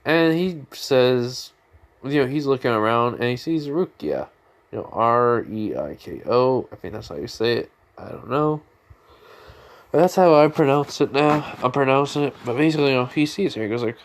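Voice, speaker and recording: A young man improvising a fan story aloud at home, rambling with lots of fillers and self-corrections. His voice sits at an ordinary middle pitch for a man. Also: expressive, normal speed. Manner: rambling, many fillers and restarts. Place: home room.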